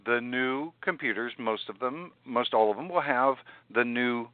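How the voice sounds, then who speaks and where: A man co-hosting a podcast, covering tech news in a playful, animated way. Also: measured pace, clear, resonant tone, no room sound. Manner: playful, animated, jumps in pitch when joking. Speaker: podcast co-host. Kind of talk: casual chat. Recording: dry phone-like sound.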